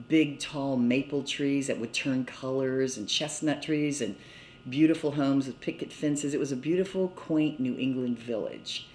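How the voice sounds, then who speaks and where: A woman's voice: a bass voice, darkish tone, slight background noise. An older woman from Mobile, Alabama, being interviewed and reminiscing casually, chatty and laughing often between phrases. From Mobile, Alabama, USA. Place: indoors in a cottage. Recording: roomy echo.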